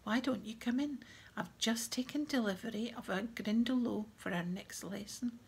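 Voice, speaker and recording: A woman reading a gentle, kindly male teacher. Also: a little high, moderate pace, creaky, slightly rough, heavily acted. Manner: gentle, friendly.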